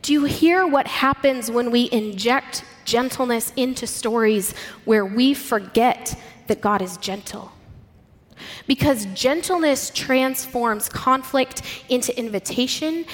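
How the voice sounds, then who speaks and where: A woman preaches with earnest, vivid storytelling and asks her listeners questions. Her voice is fairly high for a woman. A long reverb tail hangs over every phrase in a large hall. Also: takes it slowly. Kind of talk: sermon.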